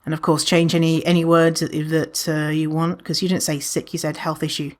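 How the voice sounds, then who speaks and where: A woman's voice: deep voice, little pitch movement, fairly quick. A woman hosting her podcast in a casual, playful way, often acting out other people's remarks in mock voices. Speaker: podcast host. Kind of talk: casual solo podcast chat.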